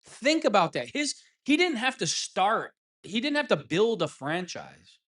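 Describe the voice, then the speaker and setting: A man's voice: sits high, very animated, a little slow, a bit bright. Sarcastic man hosting a live stream. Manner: sarcastic, mocking, rambling. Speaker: sports talk host. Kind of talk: solo live-stream commentary.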